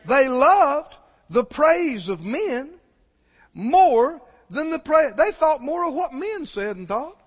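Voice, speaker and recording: A man's voice: very high-pitched, sing-song, slow pace. A man preaching a sermon, urgently pressing his congregation with questions. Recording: dull recording, long hall reverb.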